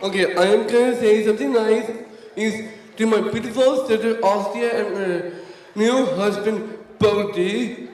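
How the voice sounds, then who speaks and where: A man with a high voice gives a wedding toast very slowly, stopping and restarting as he searches for words. His voice rings with the long reverb of a big hall. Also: fairly even intonation, a little mellow. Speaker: bride's brother giving a toast.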